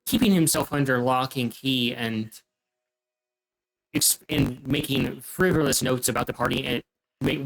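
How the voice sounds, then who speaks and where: A man narrating as game master of a tabletop game, pausing often with fillers. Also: mid-range voice, creaky, fairly bright tone, low-quality recording. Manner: halting, many fillers.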